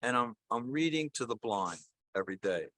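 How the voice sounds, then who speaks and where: A man's voice: mid-range voice, lively intonation, moderate pace, fairly bright tone, dry recording, lightly acted. An older man voicing a talking male dog who earnestly lists his heroic deeds in a joke told during a sermon. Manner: earnest, matter-of-fact bragging.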